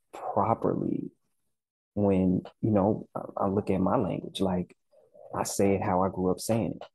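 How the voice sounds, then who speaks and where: Southern US man, vlog host: very low, husky voice, easygoing slangy delivery. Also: mellow, dry recording, rough recording. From Southern United States. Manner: laid-back, conversational, slangy, frequent "you know" and "right". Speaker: language-learning channel host. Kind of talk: casual vlog talk.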